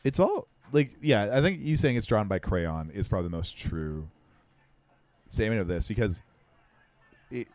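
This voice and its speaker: Wry rambling man with a lively voice. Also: on the low side, moderate pace, long pauses, no room sound. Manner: rambling, stammering restarts, wry. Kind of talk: casual movie watch-along chat.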